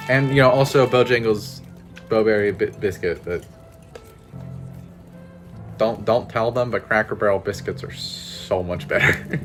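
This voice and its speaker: A man's voice: on the low side, moderate pace, music in the background. A man reading a narrative game aloud with casual, swearing commentary and laughing asides. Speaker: gameplay streamer.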